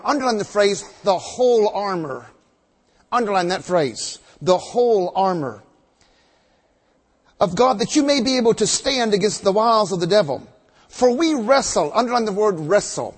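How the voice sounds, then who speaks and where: High-voiced husky preacher in a hall. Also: male voice, lively intonation. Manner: reads scripture aloud, then expounds slowly with emphatic repetition. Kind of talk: sermon. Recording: long reverb of a large hall.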